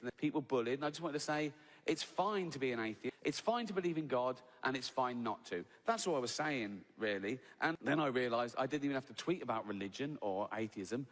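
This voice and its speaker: A man's voice: mid-range voice, lively intonation, fairly quick. A British man performing a live stand-up routine, sardonic and mocking, building to incredulous outbursts. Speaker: stand-up comedian. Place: large live venue with audience. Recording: live hall recording with audience ambience.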